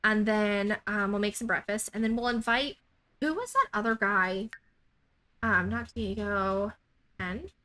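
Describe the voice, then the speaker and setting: A woman's voice: medium pitch, a little slow, bright, forceful tone. A woman giving chatty let's-play commentary, peppered with "like" and "um". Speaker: gaming YouTuber.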